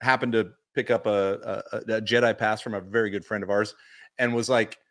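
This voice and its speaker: A man co-hosting a casual podcast chat, telling stories animatedly and acting out quotes. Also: moderate pace. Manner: animated storyteller, acts out quotes in high voices. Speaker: podcast co-host.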